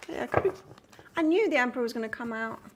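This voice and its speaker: A woman's voice: on the high side, lively intonation, fast, a little hiss or hum. A woman from England doing a live tarot reading, chatting casually and reading out cards while answering viewer comments. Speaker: tarot reader.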